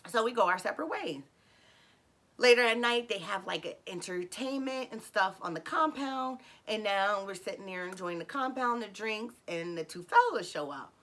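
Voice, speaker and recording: A woman casually telling a personal story, animated, acting out dialogue in sudden high excited bursts, with frequent fillers and self-corrections. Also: normal speed. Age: adult with a son.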